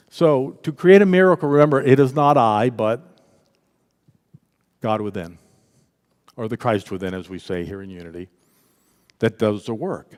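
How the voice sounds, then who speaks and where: A man's voice: mid-range voice, moderate pace, pauses often. Man leading a church workshop, echoey hall. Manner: lively, conversational, acts out quoted voices. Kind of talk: interactive spiritual workshop talk. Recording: echoey hall with long reverb.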